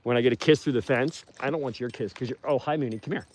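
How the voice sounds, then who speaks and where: A man's voice: mid-range voice, fast talker, darkish tone, slight background noise. A man hosting a casual livestream outdoors by wolf enclosures, talking in a rambling, chatty way with easy laughs, recorded on a handheld phone. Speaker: wolf sanctuary host.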